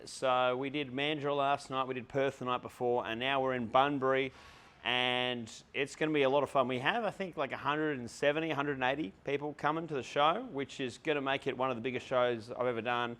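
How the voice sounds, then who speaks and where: A man's voice: medium pitch, steady tone, brisk, a bit bright. A young adult man, a touring stand-up comedian, chatting casually and laughing often as he vlogs backstage. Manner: laid-back, swears freely, laughs often. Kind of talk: casual backstage vlog chat.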